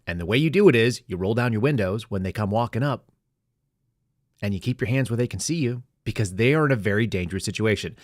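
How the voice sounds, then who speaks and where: A man's voice: lowish voice, animated, fast talker, no room sound, clean studio sound. A man hosting a commentary podcast, giving blunt, instructive advice. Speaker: podcast host. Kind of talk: political commentary.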